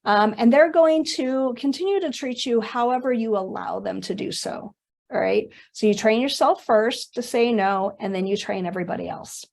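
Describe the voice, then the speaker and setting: Lively woman presenting a webinar. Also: on the high side, normal speed, gravelly. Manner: animated storytelling with conversational asides. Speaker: workshop presenter.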